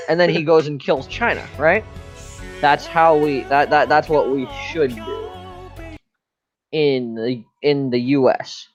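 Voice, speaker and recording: A man's voice: fairly high pitch, measured pace, highs cut off, soft background music. Slangy joking young man. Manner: slangy, rambling, mock-serious. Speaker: student presenter. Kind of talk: comedic class presentation.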